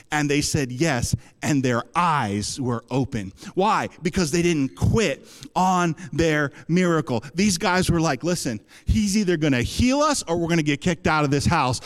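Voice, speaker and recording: Male pastor, high voice, fervent sermon delivery with questions to the crowd, long church reverb. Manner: impassioned, rising into bursts and dropping low, asks the congregation questions.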